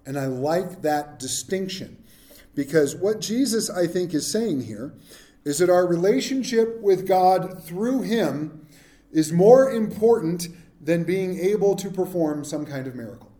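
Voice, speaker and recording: Man, pastor, sermon, humorous, conversational, questions to the congregation, somewhat high voice, echoey room. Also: expressive, unhurried, mellow.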